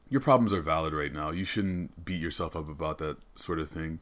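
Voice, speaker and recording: A man's voice: rumbling low, a little fast, hardly any pauses, a bit bright. A man hosting a comedic podcast monologue, rambling, swearing a lot and laughing often. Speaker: podcast host. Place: studio.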